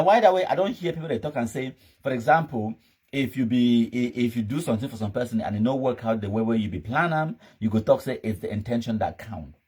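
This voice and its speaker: A man hosts a live commentary show in Cameroonian Pidgin English, with a husky, slightly breathy voice at a middling pitch. He rants with emphatic scorn and hammers his points home. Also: a little mellow. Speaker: host.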